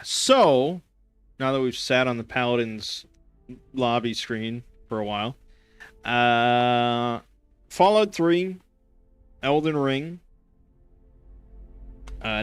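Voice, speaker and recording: A man's voice: mid-range voice, takes it slowly, long pauses, clean tone, no echo, faint music behind. A young man hosting a casual gaming stream, rambling sarcastically with lots of fillers and restarts.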